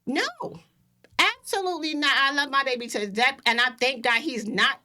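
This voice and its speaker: A middle-aged woman co-hosts a casual podcast and speaks bluntly, with strong emphasis. Her voice sits a little high and sounds bright and forceful. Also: moderate pace. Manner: emphatic, blunt, animated storytelling. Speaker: podcast co-host.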